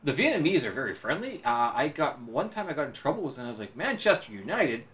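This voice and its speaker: A man from Canada hosting a casual podcast chat, teasing his guest with quick, profane questions. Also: medium pitch, very animated, fairly bright tone. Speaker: podcast host.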